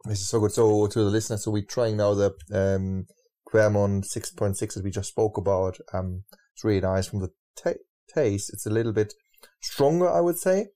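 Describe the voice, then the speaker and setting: A man with a hosts a podcast in a mellow, lowish voice. He is chatty and playful, dropping in quick agreeing remarks. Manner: chatty, playful, short backchannels. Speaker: podcast host. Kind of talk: casual podcast chat.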